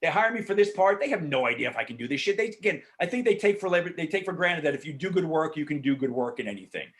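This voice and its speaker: Man, fairly high voice, lively swooping delivery, frank and profane, casual Q&A, video call. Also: quick pace. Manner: animated, frank, swears freely, many fillers. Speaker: actor answering questions. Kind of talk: casual Q&A storytelling.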